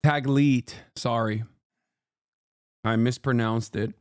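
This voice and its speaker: A man's voice: a little high, moderate pace, dry recording, clean studio sound. A man streaming live, commenting on clips in a rambling, emphatic way and talking to his chat.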